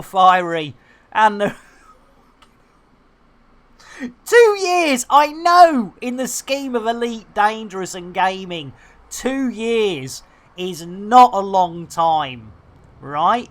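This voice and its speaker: A woman in her fifties chats through a live game stream, laughing at her own mistakes and swearing mildly. She talks slowly, in a voice of middling pitch. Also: a bit bright. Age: 50s. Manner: chatty, self-mocking, laughs often, mild swearing. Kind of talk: casual live-stream chat.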